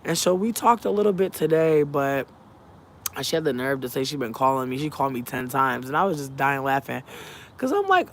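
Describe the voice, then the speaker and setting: A man's voice: fairly high pitch, normal speed, creaky, slight background noise. Give me a sassy, profane man venting on a livestream. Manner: animated, profane, sassy, laughs while telling the story. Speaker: live streamer. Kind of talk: casual venting livestream storytelling.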